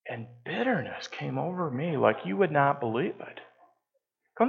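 Animated pastor preaching a sermon. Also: male voice, a little high, normal speed, creaky. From Canada. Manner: animated, conversational, self-deprecating. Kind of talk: storytelling sermon. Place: church. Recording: muffled lo-fi church recording.

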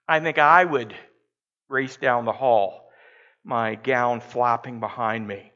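A man's voice: mid-range voice, takes it slowly, bright, forceful tone, highs cut off. A man preaching a sermon in a conversational, storytelling way. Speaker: pastor.

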